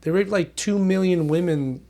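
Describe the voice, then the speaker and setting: A man's voice: high voice, normal speed, warm tone. A man from the United States in casual conversation, earnest, often restarting as he searches for words. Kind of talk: casual chat.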